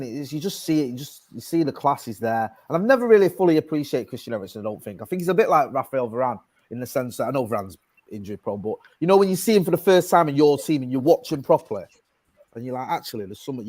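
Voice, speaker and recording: A man talks quickly as a panelist in a casual football chat. He rambles with fillers and restarts, and his voice sounds dry and close with no room around it. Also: medium pitch, animated, darkish tone, no echo.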